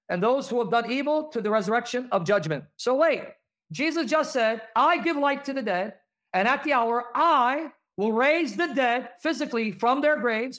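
A man's voice: extremely high pitch, a bit bright. A man teaching Christian apologetics, reading verses aloud and pressing the audience with rhetorical questions.

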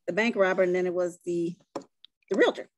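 A woman's voice: lowish voice, fairly quick, no room sound. A woman librarian in casual conversation about a novel, filling in plot details. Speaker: librarian co-host. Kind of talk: casual book discussion.

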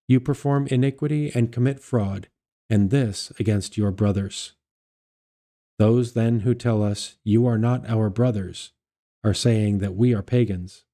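Man with a very dark, mellow voice. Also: fairly low pitch. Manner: measured, steady reading with small self-corrections. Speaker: liturgical reader. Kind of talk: reading aloud of scripture and patristic texts.

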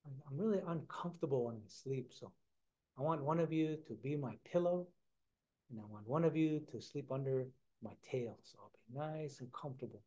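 A man voicing a grumpy, vengeful male skunk in a told story, with a gruff, grumbling way of talking, on a dull lo-fi recording. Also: medium pitch, moderate pace, warm tone, close to an everyday voice. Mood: demanding.

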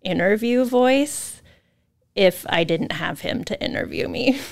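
Gravelly-voiced woman podcast host. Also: mid-range voice, lively intonation, measured pace. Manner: chatty, self-mocking, restarts sentences. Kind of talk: casual interview chat. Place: podcast studio.

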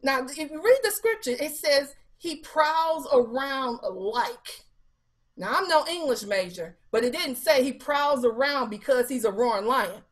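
A woman evangelist with a voice that sits high preaches at a measured pace during a Bible study. Animated throughout, she quotes from scripture and puts rhetorical questions to listeners, using casual, colloquial wording and fillers.

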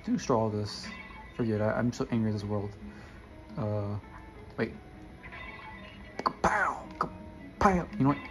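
A man's voice: on the low side, steady tone, brisk, pauses often, music in the background. A young man giving casual, rambling gameplay commentary and chatting to his viewers. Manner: rambling, self-correcting, addresses viewers. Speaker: gamer.

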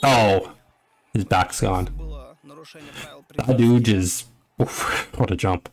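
A man's voice: on the low side, extremely slow. Young man, casual sports reaction, rambling, joking, lots of exclamations. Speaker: reaction commentator.

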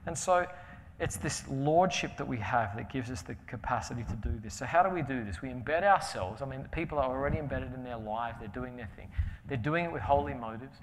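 Preacher in a reverberant hall. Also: male voice, mid-range voice, brisk, slight background noise. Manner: storytelling, humorous, swings from loud to hushed. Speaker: pastor. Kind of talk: conference sermon. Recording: reverberant hall with faint ambience.

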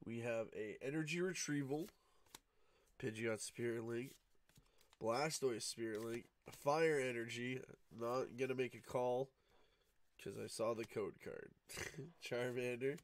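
A groggy man commenting as he opens card packs, his talk low-key and close to a monotone. He has just woken up, and his voice sits at a middling pitch for a man. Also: slow pace. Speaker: card-opening channel host. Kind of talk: casual pack-opening commentary. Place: home room at night, cat nearby.

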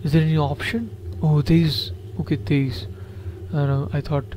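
A man's voice: fairly high pitch, little pitch movement, normal speed, darkish tone, slight background noise. Jittery man nervously narrating a horror game. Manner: jittery, repeats himself, talks to viewers. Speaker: gameplay commentator.

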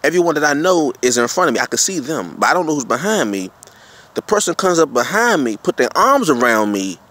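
A man casually telling a story to his viewers, getting animated and repeating himself as he speaks. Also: fairly high pitch, brisk. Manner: relaxed, informal slang. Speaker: vlogger.

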